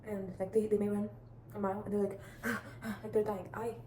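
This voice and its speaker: Teen girl vlogger, flat delivery, rambling and chatty, echoey room with steady background noise. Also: mid-range voice, quick pace. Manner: rambling, chatty, many restarts and "like" fillers. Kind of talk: casual advice vlog.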